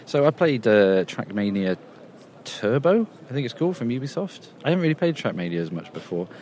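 Very animated and brisk, a man with a mid-range, slightly mellow voice reports casually from a games convention. He's outdoors in a quieter area, rambling and chatty, with many fillers.

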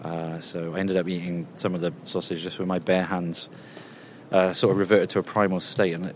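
A man with a low, level-toned voice speaks briskly as he gives a chatty, meandering report from a games convention, full of fillers. He's outdoors in a quieter spot, and a little hiss or hum is audible.

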